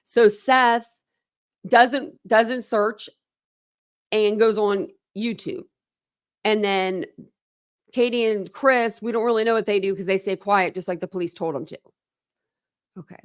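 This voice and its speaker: A woman's voice: mid-range voice, fairly even intonation, moderate pace, pauses often, clean tone. Woman, true crime YouTuber, indignant, exasperated, reads documents aloud and talks back at them. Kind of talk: reading court documents aloud with heated commentary.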